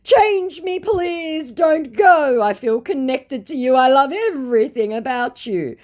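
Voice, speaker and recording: A woman's voice: high-pitched, animated, a little mellow, voice pushed up. Woman doing a begging old scammer man. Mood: pleading. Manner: broken English, slow, begging. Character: pleading older male romance scammer.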